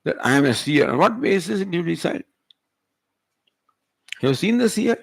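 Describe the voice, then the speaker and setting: A man's voice: high voice, very animated, moderate pace, vocal fry, breathy edge, no room sound. A male spiritual teacher, giving a Vedanta discourse and pressing the listener with rhetorical questions. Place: retreat hall.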